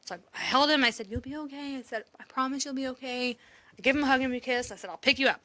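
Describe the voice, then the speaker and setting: A woman's voice: high-pitched, very fast, sharp tone. A woman co-hosting a podcast, telling an emotional story in casual chat, swearing freely and laughing often. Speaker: podcast co-host.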